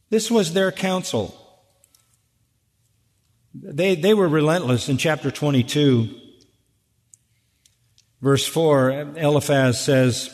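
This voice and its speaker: A man's voice: a little high, takes it slowly, long pauses. A man preaching an expository sermon, talking emphatically to his congregation with direct rhetorical questions. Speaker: pastor. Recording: echoey hall with long reverb.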